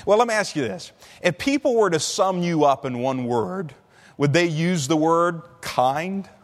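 A man's voice: a little high, lively intonation. Preacher man in a reverberant hall. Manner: conversational, slows and stretches key words. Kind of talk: sermon. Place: large church hall.

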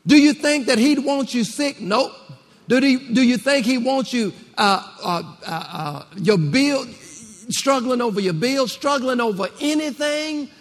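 A man's voice: extremely high pitch, expressive, unhurried. A man preaching a rousing sermon to a congregation, repeating phrases and calling for responses. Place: church. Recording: long reverb of a church hall.

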